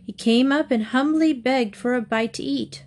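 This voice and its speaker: A woman narrating storybook fables in a clear, measured reading. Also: sits high, a little mellow.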